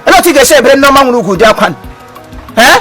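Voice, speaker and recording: A man with a Nigerian accent performing a comedy skit as an uncle, loud and theatrical, stammering and wailing. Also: extremely high pitch, very animated, very fast, low-quality recording. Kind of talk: comedy skit, mixing Igbo and pidgin English. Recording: music playing behind.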